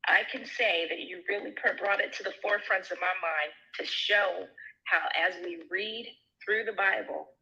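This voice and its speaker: A woman in a Bible study sharing a thoughtful reflection, pausing to find her words. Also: medium pitch, sharp tone, dull audio.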